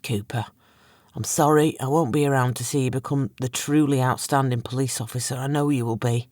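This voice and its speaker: A woman's voice: very deep voice, steady tone, brisk, a little mellow, no room sound, clean studio sound. A woman voicing a middle-aged male police chief, strained and heavy with emotion. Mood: desperate.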